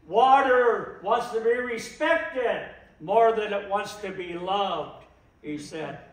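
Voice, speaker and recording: A man giving an impassioned public talk, slow and emphatic, repeating phrases for weight. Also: high voice. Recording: echoey room, voice from a distance.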